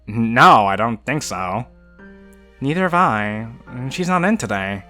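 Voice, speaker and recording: A man voicing a calm, puzzled schoolgirl friend who speaks hesitantly and softly. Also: mid-range voice, unhurried, soft background music, voice pushed down.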